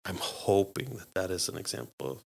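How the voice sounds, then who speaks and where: Here a podcast guest with a deep voice and vocal fry talks at normal speed. His stories are casual and lively, full of quoted voices he performs with laughter.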